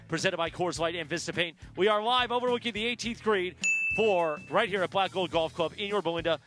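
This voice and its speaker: A man's voice: high voice, pushed and bright. A man hosting a live sports radio morning show, playful and joking with his co-hosts at an outdoor broadcast. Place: outdoor broadcast at a golf course.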